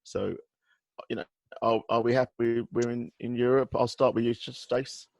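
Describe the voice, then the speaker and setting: A man's voice: medium pitch, level tone, normal speed, gravelly, darkish tone, no echo. A middle-aged man hosting a casual football podcast, laid-back and joking, swearing freely. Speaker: podcast host. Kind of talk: casual chat.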